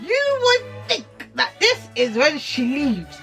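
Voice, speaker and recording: A young woman recapping and reviewing a TV series in a casual, sarcastic rant full of swearing and animated outbursts. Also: high-pitched, takes it slowly, creaky, faint music behind.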